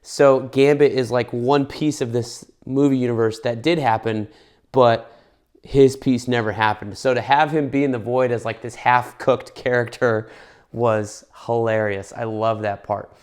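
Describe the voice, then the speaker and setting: A man in his thirties talks through a movie in a loose, rambling way. His voice sits at a middle pitch. Now and then he jumps up into excited bursts. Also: unhurried. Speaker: movie reviewer. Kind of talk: casual spoiler review.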